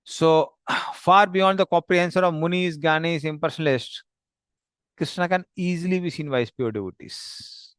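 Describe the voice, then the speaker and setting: A man narrating a devotional story slowly and plainly, pointing to slides as he goes. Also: a little high, fairly bright tone, clear, resonant tone, no room sound, clean studio sound. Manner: slow, plain, explanatory with pauses.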